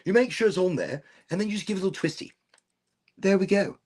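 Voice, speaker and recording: A man's voice: high-pitched, expressive, very fast, breathy edge. A middle-aged man casually demonstrating a vaporizer on a livestream, playful and prone to silly asides.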